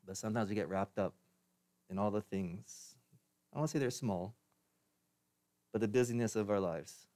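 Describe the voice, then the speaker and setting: A man's voice: lowish voice, dark tone, clean tone. A man preaching a sermon as pastor, in a conversational way with restarts and light laughs.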